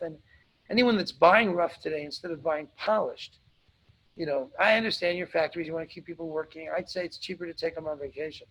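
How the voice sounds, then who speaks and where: A man's voice: high voice, brisk, fairly bright tone, rough recording. A man hosting a live webinar, answering audience questions in a blunt, emphatic way and repeating points for stress.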